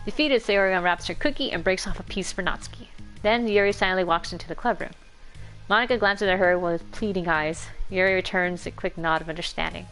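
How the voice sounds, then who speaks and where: A woman's voice: mid-range voice, a little fast, fairly bright tone, soft background music. A woman reading a fan story aloud, narrating casually with asides. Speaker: reader.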